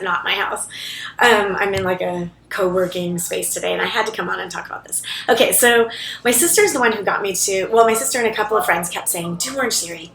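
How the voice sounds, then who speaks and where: A woman's voice: medium pitch, a bit bright, slight background noise. A woman chatting casually to camera in a rambling way, with lots of fillers and restarts, recorded in a co-working office library. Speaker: vlogger. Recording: echoey room.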